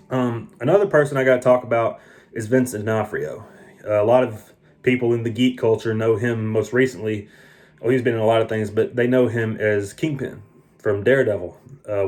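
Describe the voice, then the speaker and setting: A man's voice: mid-range voice, darkish tone. A tired man talking through a casual movie review, earnest and opinionated, often restarting his sentences. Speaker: film reviewer.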